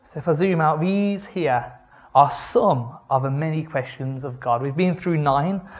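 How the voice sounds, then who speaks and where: A man giving a conversational sermon, reading scripture and retelling it with wry, animated asides. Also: a little high, a little slow. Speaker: preacher.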